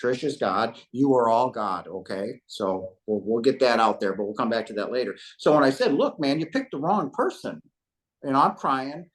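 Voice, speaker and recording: A man's voice: medium pitch, moderate pace, hardly any pauses. A man in his fifties, a podcast guest, giving an emotional spiritual testimony and addressing listeners like a preacher. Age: 50s.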